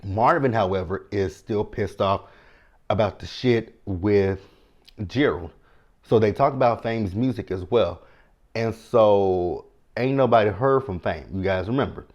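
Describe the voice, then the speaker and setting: Chatty low-voiced man. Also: measured pace, muffled recording. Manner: chatty and animated, talks to viewers directly. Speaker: TV show recap host. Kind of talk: casual episode recap.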